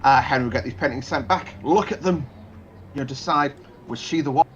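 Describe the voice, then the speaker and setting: A man's voice: medium pitch, brisk, fairly bright tone, highs cut off, slight background noise. A man telling rambling history anecdotes in casual chat, full of restarts and fillers.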